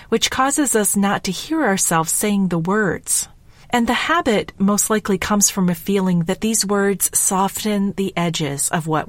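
A woman hosting her own podcast, talking through a prepared solo episode in a measured, reflective way with gentle emphasis. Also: on the low side, no room sound. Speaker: podcast host. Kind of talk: scripted solo podcast talk.

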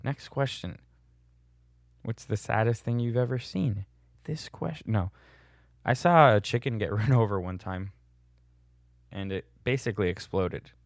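Blunt sardonic man, low voice. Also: measured pace, long pauses, no room sound, clean studio sound. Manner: blunt, sardonic, laughs at own jokes. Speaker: vlogger answering viewer questions. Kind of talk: casual Q&A monologue.

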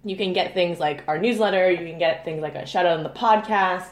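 A woman's voice: lowish voice, a little fast. A woman co-hosting a podcast, chatting casually and laughing often, with lots of fillers. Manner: laughing, filler-heavy, relaxed. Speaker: podcast co-host. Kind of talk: casual chat. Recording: echoey room.

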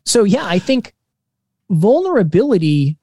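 A man in his twenties, a podcast co-host, telling stories in a casual, energetic interview. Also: high voice, unhurried, husky, dry recording, clean studio sound. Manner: energetic, animated storytelling.

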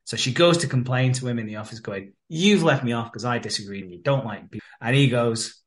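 A man's voice: mid-range voice, a little fast, few pauses. A man co-hosting a podcast, casually recapping a soap episode, swearing and acting out the characters' lines. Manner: laughs often, swears, acts out the characters' lines. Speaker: podcast co-host.

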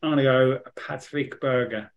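A man's voice: medium pitch, fairly even intonation, moderate pace, vocal fry, lo-fi sound. Chatty man hosting a quiz. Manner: chatty, laughs often, thinks aloud. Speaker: podcast co-host. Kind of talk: casual quiz banter. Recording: podcast recorded at home.

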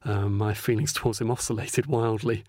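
A man's voice: on the low side, fairly even intonation, moderate pace, a little mellow, no room sound, studio quality. A man, an author interviewed as a guest, talking thoughtfully with many hesitations. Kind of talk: podcast interview.

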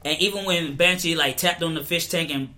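A man with a bright, fairly high voice chatting casually on a podcast. He explains comic-book lore at length with clear enthusiasm, piling on names and details. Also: brisk. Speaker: podcast co-host.

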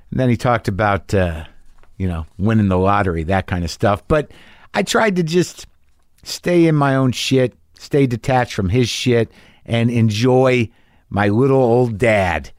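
A man's voice: medium pitch, a little slow, dry recording, clean studio sound. A man hosting a podcast, talking alone in a frank, profane, self-deprecating way. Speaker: podcast host. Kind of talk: solo monologue.

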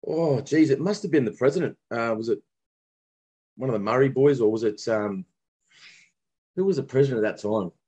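A guest who used to play cricket, a man from Brisbane with an Australian accent, looks back on his playing days in a relaxed interview, wandering off and restarting often. His voice is mid-pitched, mellow and husky, moving at a moderate pace with long pauses. The audio has its high frequencies cut off.

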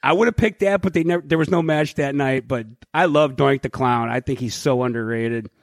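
A man co-hosting a casual podcast, telling stories in an animated, profane way. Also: medium pitch, fairly quick, gravelly, dry recording, studio quality.

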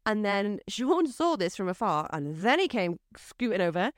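A woman's voice: medium pitch, very animated, normal speed, no room sound, studio quality. A woman, a guest on her husband's podcast, telling stories in casual chat full of fillers. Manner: rambling, filler-heavy storytelling. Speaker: podcast guest, host's wife. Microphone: studio microphone.

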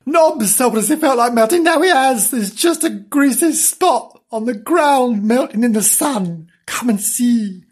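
A timid, trembling male animal, put on by a woman pleads in a raised, lively voice. He sounds breathless and eager to be believed. The storybook voice has a husky edge. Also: a little high, a little slow, few pauses, pitched above the performer's own voice. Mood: pleading.

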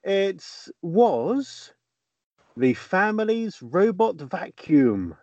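A man's voice: high voice, big pitch swings, drawn-out words, darkish tone, dry recording, dull audio. A man, co-hosting a podcast and telling a news story with a casual, teasing manner. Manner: storytelling with fillers and teasing questions. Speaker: podcast co-host reading news stories. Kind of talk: casual chat.

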